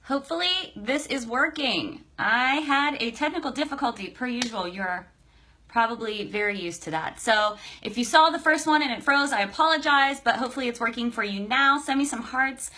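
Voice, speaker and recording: A woman's voice: fairly high pitch, animated, moderate pace, pushed and bright. A young adult woman hosting a casual live stream, chatty and emotional, greeting viewers by name. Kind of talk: casual livestream chat.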